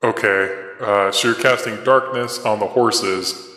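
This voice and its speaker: A man's voice: on the low side, fairly even intonation, unhurried, pushed and bright, echoey room, big-room sound. A man running a tabletop game as game master, narrating unhurriedly with many fillers.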